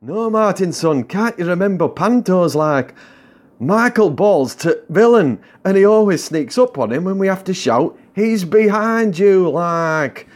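A man's voice: high-pitched, animated, a little slow, pitched above the performer's own voice. Man doing a patient pal soothing his mate. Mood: coaxing. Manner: soothing, chiding. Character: patient male friend calming his mate.

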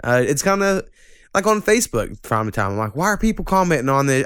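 A man hosting a casual podcast, ranting and swearing freely, getting animated when annoyed. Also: on the high side, fairly quick, clear, resonant tone, dry recording, studio quality. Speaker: podcast host.

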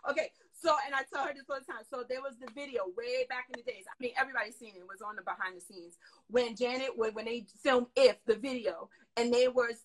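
A woman telling a lively story in a casual interview, excitable and full of slangy asides. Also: a little high, fast, low-quality recording. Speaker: guest dancer and choreographer.

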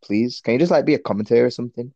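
A man's voice: medium pitch, very fast, gravelly, warm tone, dry recording, lo-fi sound. A man co-hosting a casual podcast, giving blunt, sweary opinions on fighters. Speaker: podcast co-host. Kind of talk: casual chat.

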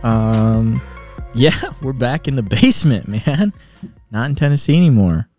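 Easygoing, laughing podcast host. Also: male voice, mid-range voice, expressive, measured pace, dark tone, soft background music. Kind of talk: casual podcast banter. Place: basement home studio.

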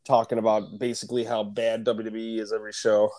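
A man's voice: on the low side, flat delivery, fast, mellow, slight background noise. A man co-hosting a casual wrestling podcast, getting over a cold with a lingering cough, chatting loosely with plenty of swearing. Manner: casual and profane, with fillers. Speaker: podcast co-host. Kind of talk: casual chat.

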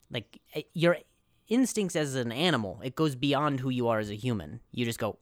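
A young man talks loosely into the mic, wandering off on jokey tangents and restarting his sentences as he tells a story. His voice sits at an ordinary middle pitch. The sound is dry and close, with almost no room around it. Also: lively intonation, normal speed, dry recording. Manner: rambling, jokey, full of restarts and asides. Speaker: podcast host. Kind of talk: casual comedic podcast chat.

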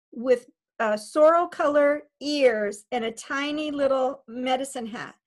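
A woman who works as an animal communicator, telling a story in a lively, chatty way and laughing often. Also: high voice. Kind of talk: storytelling in casual chat.

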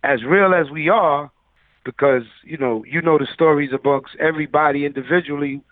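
Over a thin, phone-like connection, a male music producer rambles through stories in a relaxed interview, leaning heavily on fillers. He speaks at normal speed in a slightly high voice, with no echo.

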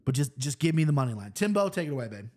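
A man hosting a fight-betting show, talking in a rambling, profane, animated way. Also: medium pitch, rapid-fire. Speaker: host of a fight-picks show. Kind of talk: casual betting chat.

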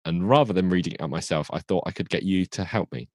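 A man's voice: low-pitched, fast, no echo, clean studio sound. A man co-hosting a podcast, chatting casually in a teasing way and laughing easily. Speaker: podcast co-host. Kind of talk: casual chat about a TV show.

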